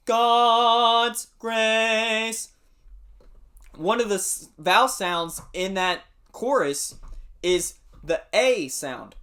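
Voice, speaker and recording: A male music teacher explains vocal warm-ups at an unhurried, deliberate pace. He breaks off to sing short scale and vowel demonstrations, with faint music underneath. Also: sits high. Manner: slow, patient explaining with sung demonstrations. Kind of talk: instructional singing lesson.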